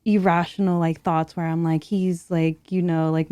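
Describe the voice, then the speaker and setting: A woman's voice: on the low side, flat delivery, moderate pace, mellow, clean tone, no room sound. A young woman, a mother, talking reflectively as a podcast guest in casual chat, with lots of filler words.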